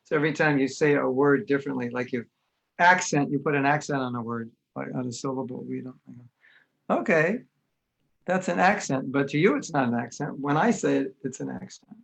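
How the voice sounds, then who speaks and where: A man's voice: mid-range voice, a little fast, vocal fry. An American man giving an informal spiritual lecture over a video call, talking in a conversational way and acting out other people's voices. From United States. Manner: conversational, lively, acts out quoted voices. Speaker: spiritual teacher giving an online class.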